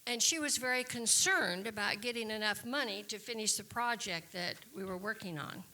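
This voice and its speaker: A woman introduces the next singer from a community hall stage in a casual, rambling way. Her voice is bright and sits in a middle pitch. She pauses to hunt for words. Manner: chatty, searching for words. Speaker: community board member introducing acts.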